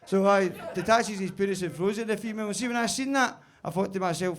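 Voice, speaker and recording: A man's voice: high voice, quick pace, slight background noise. A man with a Glaswegian accent doing sweary, conversational stand-up comedy in a basement comedy club.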